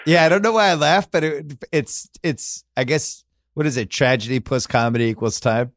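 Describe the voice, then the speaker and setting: A man's voice: fairly high pitch, normal speed, no room sound, clean studio sound. A man hosting a podcast in casual chat, telling loose, rambling, joking stories. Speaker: podcast host.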